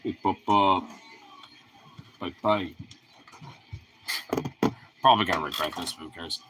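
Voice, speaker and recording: A young man at home talking to his husky dogs, mixing teasing baby talk with swearing. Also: low-pitched, unhurried, bright, forceful tone, slight background noise. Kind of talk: casual talk to his pets.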